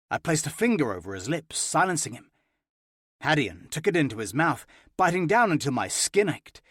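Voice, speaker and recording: A man narrating a first-person romance audiobook with an expressive, playful reading. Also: a little high, moderate pace, slightly rough, dry recording, studio quality.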